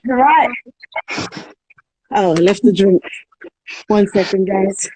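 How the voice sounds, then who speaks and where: A woman hosting a casual live-stream chat, bubbly and quick to laugh. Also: mid-range voice, mellow, husky, low-quality recording. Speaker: host.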